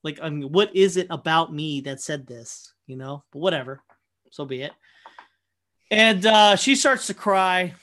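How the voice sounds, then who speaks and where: A young man casually telling a profane, animated story, full of fillers and quoted asides. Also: a little high, a little slow. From Michigan, USA. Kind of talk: casual anecdote chat.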